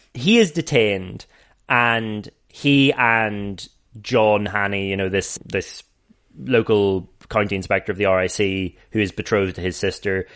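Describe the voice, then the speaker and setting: Low-voiced man chatting and laughing. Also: a bit bright. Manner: rambling, sweary, laughing often. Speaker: podcast host. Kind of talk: casual podcast chat explaining a film.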